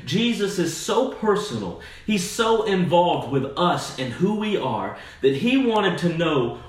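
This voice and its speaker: A man's voice: high voice, big pitch swings, unhurried, few pauses. A man, a youth pastor, preaching a sermon in an earnest, conversational way with fillers. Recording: echoey room, voice from far off.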